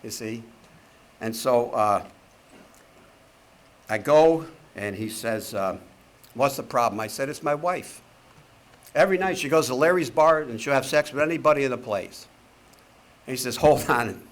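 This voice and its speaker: In an archive recording with faint background noise, a Connecticut man in his seventies addresses a recovery meeting. His mid-range voice moves at normal speed with frequent pauses as he wisecracks, swears plenty, and tells jokes and stories.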